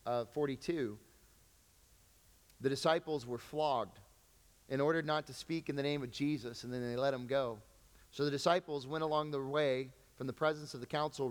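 A man preaching a sermon in a conversational way, acting out little quoted reactions as he explains scripture. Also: fairly high pitch. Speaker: pastor. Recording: long hall reverb.

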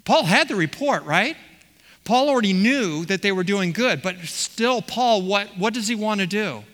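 Preacher, male, high and bright voice, emphatic and questioning, long church reverb. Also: lively intonation, normal speed. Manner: emphatic, repeats words, asks questions of the congregation. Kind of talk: expository sermon. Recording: long reverb of a large hall.

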